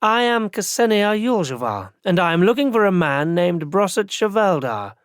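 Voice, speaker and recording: A man voicing a cool, commanding woman investigator in an audiobook, measured and dry. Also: high voice, very animated, smooth, no room sound, voice pushed up. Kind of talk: audiobook character voice.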